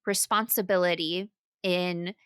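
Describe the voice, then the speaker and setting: A woman co-hosting a casual spiritual podcast, congested from a cold, talking slowly and reflectively. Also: fairly low pitch, steady tone, fairly bright tone, clean tone, dry recording, clean studio sound. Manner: slow and reflective, laughs often. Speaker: podcast co-host.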